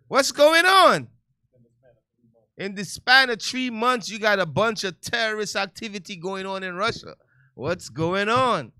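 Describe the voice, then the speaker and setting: Bright-voiced, heated male talk-radio host. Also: high-pitched, no echo. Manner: loud, heated and preachy, with slangy asides. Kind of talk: casual talk-radio commentary.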